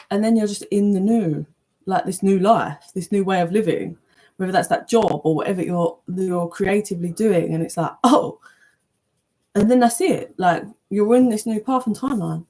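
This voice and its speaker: A woman giving a casual, chatty tarot reading, animated, with loose language and playful asides. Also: medium pitch. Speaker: tarot reader.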